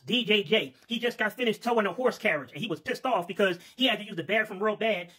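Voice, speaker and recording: A man's voice: sits high, bright, forceful tone, husky. A man telling an improvised comic tale in a profane, rambling, casual way. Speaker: storyteller. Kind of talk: comedic improvised storytelling.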